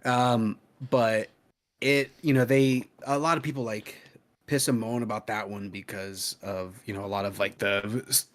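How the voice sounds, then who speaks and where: A man's voice: on the low side, fairly even intonation, moderate pace. A man co-hosting a podcast in loose, rambling casual chat, full of fillers and restarts.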